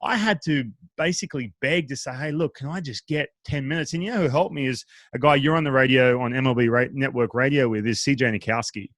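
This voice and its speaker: A man's voice: medium pitch, quick pace, hardly any pauses, a bit bright, no echo. A man hosting a casual interview, chatty and telling stories with quoted asides. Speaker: podcast host, former pitcher.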